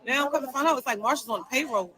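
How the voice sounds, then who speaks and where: A woman's voice: high voice, racing, pushed and bright, rough recording. A woman venting on a livestream, telling her side of a falling-out in an emphatic, repetitive and heated way.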